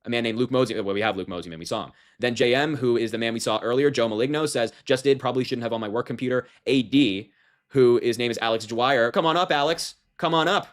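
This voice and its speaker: Fast-talking guy reading out a story, indignant and sarcastic, mid pitch. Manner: indignant, reads quotes aloud with sarcastic emphasis. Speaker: political commentator. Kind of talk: reading and commenting on a news story.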